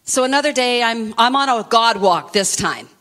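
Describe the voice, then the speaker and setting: Bright-voiced woman preaching a testimony. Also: fairly high pitch, normal speed. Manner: expressive storyteller, fervent. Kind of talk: testimony sermon.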